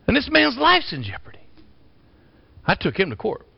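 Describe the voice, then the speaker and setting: A man preaching a folksy storytelling sermon, swinging from loud bursts to quiet asides. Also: high voice, wildly swooping pitch, moderate pace, creaky, husky, no room sound. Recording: dull lo-fi sound.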